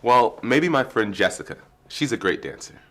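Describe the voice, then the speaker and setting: A man acting in a scripted learner dialogue as a relaxed, somewhat hesitant coworker. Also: mid-range voice, moderate pace. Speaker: office worker in a lesson video.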